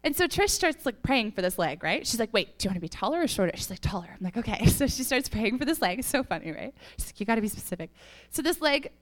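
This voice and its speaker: A woman's voice: on the high side, big pitch swings, fast talker, hardly any pauses. A young woman giving a casual testimony to a church audience, telling stories chattily with laughs and fillers, a little sniffly. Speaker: church speaker.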